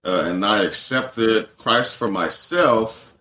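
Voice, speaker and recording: A man from Atlanta, a guest on a podcast, talking in a halting, casual way with many pauses and fillers. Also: on the low side, sharp tone. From Atlanta, USA. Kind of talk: casual conversational interview.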